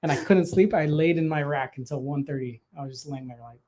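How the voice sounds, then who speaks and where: Guy cohosting a geek podcast, voice a bit high, swears a lot telling a spooky story. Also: quick pace, heavy background noise. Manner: profane, animated storyteller. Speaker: podcast co-host. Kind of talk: casual chat, storytelling.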